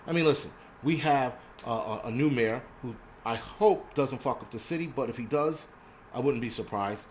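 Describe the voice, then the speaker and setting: A man's voice: medium pitch, normal speed, a little hiss or hum. Angry profane man ranting at home. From New York City. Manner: angry, profane and blunt, with many restarts and stammers. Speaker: host of a prepping live stream. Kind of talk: profane ranting live stream.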